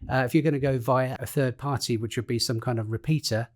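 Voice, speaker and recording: A mid-pitched man, a university professor, walks through technical ideas with homely comparisons. He often restarts his sentences as he thinks them through. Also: steady tone, quick pace. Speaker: professor and guest expert. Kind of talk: podcast interview.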